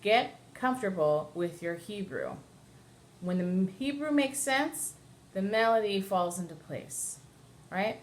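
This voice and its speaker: A woman cantor explaining Torah chanting step by step to a class, now and then singing short phrases. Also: mid-range voice. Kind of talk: classroom lesson with sung examples.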